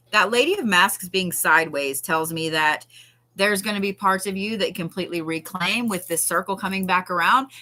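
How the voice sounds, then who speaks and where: Bright-voiced chatty tarot reader. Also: female voice, medium pitch. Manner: chatty, swears casually, reassuring asides. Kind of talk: live-stream card reading.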